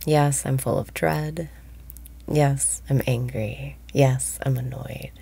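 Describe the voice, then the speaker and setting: A woman guiding a meditation, speaking slowly and softly, often breathy and whispered. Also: a bass voice, steady tone. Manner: slow, soft-spoken, often breathy and whispered. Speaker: meditation guide. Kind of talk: guided meditation.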